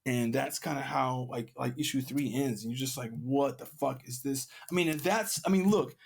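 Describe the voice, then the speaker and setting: A man co-hosting a podcast, retelling a comic's plot in casual chat with lots of restarts and excited asides. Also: medium pitch, a little fast, creaky, breathy edge. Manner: excited storytelling, many restarts and "you know". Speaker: podcast co-host.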